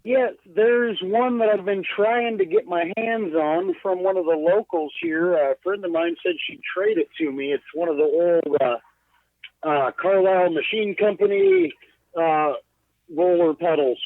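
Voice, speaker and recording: A man's voice: sits high, animated, unhurried, no echo. A man talking casually in a podcast interview, loose and self-deprecating with plenty of swearing and filler words, calling in from inside his bus. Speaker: guest glassblower. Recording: tinny phone line.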